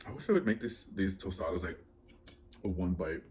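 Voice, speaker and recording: Mukbang vlogger, low-pitched man, rambling anxious storyteller, faint hiss in the room. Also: lively intonation, a little fast, darkish tone. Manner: rambling, filler-heavy, anxious retelling. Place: at home, indoors.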